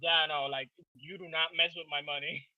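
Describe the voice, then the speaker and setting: A man's voice: on the high side, normal speed, no echo. A young man co-hosting a podcast in casual chat, telling stories animatedly and swearing constantly. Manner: profane, animated storytelling. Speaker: podcast co-host. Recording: dull lo-fi dry sound.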